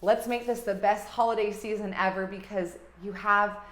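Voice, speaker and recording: A woman life coach hosting her podcast, giving an energetic, gushing motivational talk that swings between loud and hushed. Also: medium pitch, moderate pace. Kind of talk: motivational monologue. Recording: roomy echo.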